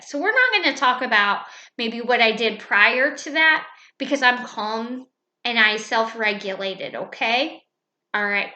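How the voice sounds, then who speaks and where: A woman teacher calmly explaining how she runs her classroom, speaking in a measured way with frequent "um"s. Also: a little high. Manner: calm, measured, with many fillers. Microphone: webcam. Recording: echoey room.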